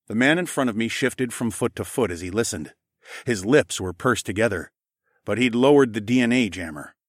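A man narrating a story in the first person, in an even, matter-of-fact way. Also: fairly low pitch, moderate pace, no room sound, studio quality. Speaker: audiobook narrator.

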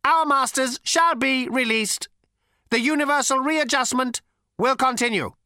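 An ancient robot with a cold, lifeless, cultured rasp, pitched well above the reader's own voice and strangely altered in tone. It speaks in a flat, solemn, patient way, heavy and deliberate, in a dry, close storybook recording. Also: male voice, no room sound, full character voice.

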